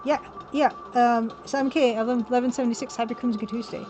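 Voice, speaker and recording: A woman's voice: on the high side, fairly even intonation, fast talker, darkish tone. A woman hosting a casual live stream, chatting and rambling to her viewers and laughing often. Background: faint music from a record player.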